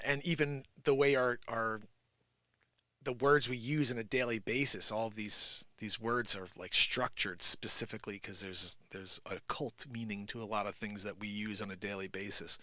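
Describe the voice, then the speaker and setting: A man's voice: mid-range voice, animated, moderate pace, pushed and bright, dry recording, clean studio sound. A man hosting a live show, riffing on news stories with giggles and rambling asides. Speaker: live comedy show host. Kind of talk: improvised comedy news riff.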